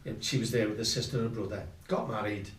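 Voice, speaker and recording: A man's voice: on the low side, steady tone, quick pace. Older scouse guy rambling thru a funny old story, sounds roomy and a bit far from the mic. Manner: rambling anecdotal, self-mocking, with colloquial slang. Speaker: guest musician.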